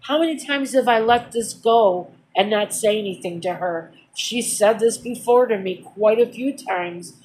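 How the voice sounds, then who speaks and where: A woman's voice: mid-range voice, measured pace, hardly any pauses, darkish tone, slight background noise, rough recording. A woman telling a personal story in a casual vlog, venting in a heated, aggrieved and blunt way with repeated phrases and swearing. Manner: blunt, profane everyday speech. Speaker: vlogger.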